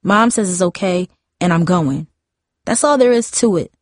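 A woman's voice: fairly low pitch, normal speed, no room sound, studio quality, close to an everyday voice. A woman voicing a defiant, pushy teenage girl in a storybook reading. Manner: pouty, confrontational teen voice.

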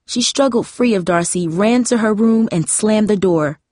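A woman reads a story aloud in a gentle, even manner. Her voice sits in a middle pitch and the sound is dry and close. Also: normal speed, no echo. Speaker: narrator. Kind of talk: audiobook reading.

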